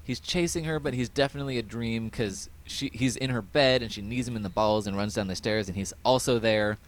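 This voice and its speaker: A man hosting a podcast, casually recapping an episode in a rambling way with many fillers and quick quoted voices. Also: medium pitch. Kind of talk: casual chat.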